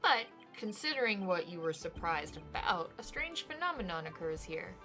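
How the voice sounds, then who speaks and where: A woman reading a sharp young defense attorney. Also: fairly low pitch, sing-song, moderate pace, soft background music, exaggerated voice. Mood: probing.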